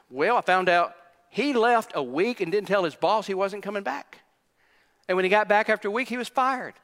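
A male pastor delivers a sermon with a high, bright voice that rings in the long reverb of a church hall. He hammers his points home through repetition and slips into the voices of the people he describes. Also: expressive, a little fast. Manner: preaches with emphatic repetition, acting out quoted voices.

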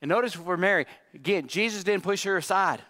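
Male pastor, sermon delivery, emphatic with asides; bright voice, reverberant hall. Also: high-pitched, fairly quick. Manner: emphatic preaching with repetitions and asides.

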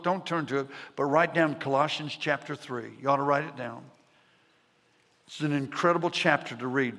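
A man in his seventies preaching a personal testimony sermon, telling his story emphatically with dramatic pauses. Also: medium pitch, a bit bright. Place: large church sanctuary. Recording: long reverb of a large hall.

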